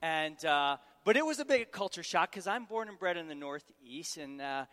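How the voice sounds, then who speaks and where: Preaching as a guest, this middle-aged man from Syracuse, New York, is humorous and expressive at normal speed, teasing listeners and pulling them in with questions. His bright, forceful, slightly high voice echoes with a long reverb from a large hall.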